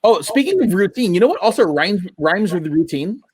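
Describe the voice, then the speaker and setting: Male podcast co-host, higher voice, dry close sound, easygoing and jokey. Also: brisk, husky, no room sound. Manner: animated, laughs a lot, jokey. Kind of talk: casual chat.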